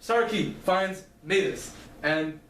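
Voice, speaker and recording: A man's voice: high voice, takes it slowly, fairly bright tone. A man casually retelling the plot of his own novel, with lots of ums and restarts. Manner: loose, filler-heavy retelling with restarts. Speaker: author recapping his novel. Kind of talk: casual plot recap lecture. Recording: roomy, distant mic, faint noise.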